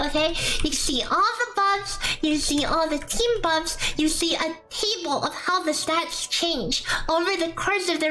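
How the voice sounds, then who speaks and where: A woman's voice: high voice, bright, forceful tone, rough recording. A woman streamer in a casual live-stream, explaining a game damage calculator in a chatty, rambling way with playful asides. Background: faint background music.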